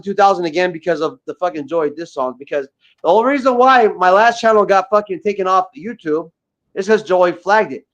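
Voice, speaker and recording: A man's voice: sits high, fairly bright tone. A man guest on a livestream, ranting profanely and combatively with lots of repeated words. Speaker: guest rapper. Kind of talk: livestream rant. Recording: dull lo-fi audio.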